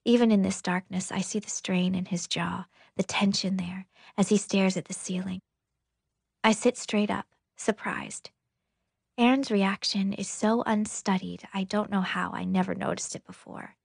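A woman narrating a novel in an intimate, breathy, half-whispered audiobook reading. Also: mid-range voice, steady tone, a little slow, no echo, clean studio sound.

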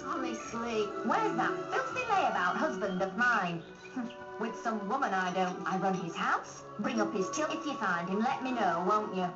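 An actress playing an exasperated village wife in a video game, nagging and scolding. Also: female voice, medium pitch, sing-song, moderate pace, lightly acted. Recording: lo-fi game audio, loud music.

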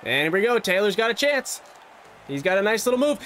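A young man giving excited, fast play-by-play commentary over his own hockey video game as a gaming YouTuber. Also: high-pitched, a little hiss or hum. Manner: animated, fast play-by-play with yelps and laughs. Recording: background music under voice.

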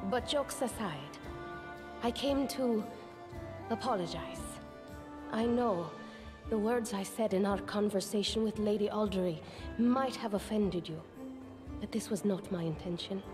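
A wary tiefling woman from a fantasy video game, voiced by an actress, measured and earnest. Her voice sits at a middle pitch. Game music plays clearly behind her. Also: close to an everyday voice. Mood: apologetic.

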